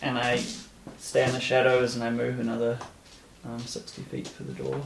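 Male player with a gravelly voice, rambling and self-correcting, echoey room with faint noise. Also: medium pitch, monotone, normal speed. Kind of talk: casual tabletop game chat.

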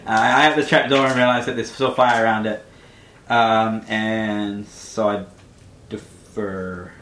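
A man playing a tabletop game, lively and laughing as he describes his character's actions. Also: on the low side, a little slow. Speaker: player. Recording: echoey room with faint noise.

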